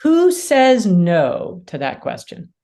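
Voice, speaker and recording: A woman mediator and lawyer, a podcast guest, explaining ideas in an animated way and acting out quotes. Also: fairly low pitch, slow pace, vocal fry. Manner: animated storyteller, acts out quotes. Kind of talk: casual conversation.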